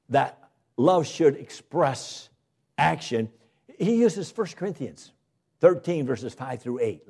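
A male pastor preaching a sermon to his congregation, with dramatic pauses and emphatic rises on key words. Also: fairly high pitch, a little mellow. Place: church.

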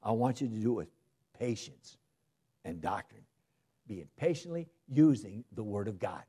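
Animated man preaching a sermon. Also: on the low side, moderate pace, breathy edge. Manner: animated, shifts from loud emphasis to soft asides.

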